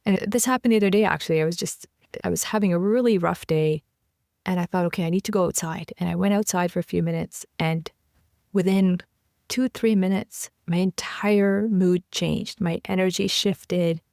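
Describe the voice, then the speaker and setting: A woman's voice: lowish voice, brisk, gravelly, darkish tone, no echo, clean studio sound. A woman hosting a podcast interview, affirming her guest and sharing personal anecdotes. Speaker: podcast host. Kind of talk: casual interview chat.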